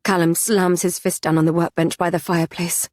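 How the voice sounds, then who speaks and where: A woman narrating a fantasy audiobook in the first person, measured and even. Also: on the low side, slight background noise.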